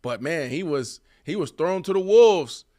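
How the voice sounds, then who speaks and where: A former wide receiver in his thirties co-hosts a sports show, arguing emphatically and animatedly in casual debate and repeating himself. His voice is a little high and his pace measured.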